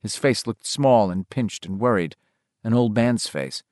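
A man narrating a novel in a measured, expressive reading. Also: lowish voice, no echo, studio quality. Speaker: audiobook narrator.

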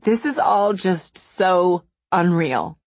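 A shaken young woman makes dry, wry remarks, a little out of breath, as a woman narrator reads her part. Her voice is low and slightly husky, recorded close and dry. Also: animated, takes it slowly, no room sound.

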